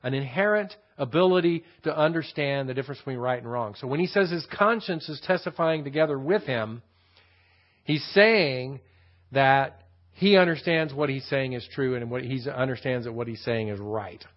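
A man teaching a Bible passage verse by verse, stressing key phrases and repeating them slowly for emphasis. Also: medium pitch. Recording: dull lo-fi recording.

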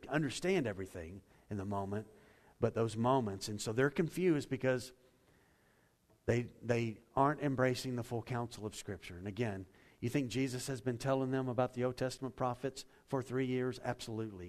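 A middle-aged male pastor preaching a sermon, building from quiet, measured phrases to loud, emphatic passages. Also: medium pitch.

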